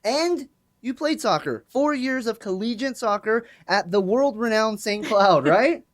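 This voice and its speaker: A woman's voice: fairly high pitch, lively intonation, a little slow. A young woman hosting a live college sports radio show, playful and hyped, teasing her co-host. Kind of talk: live campus radio banter. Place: campus radio studio.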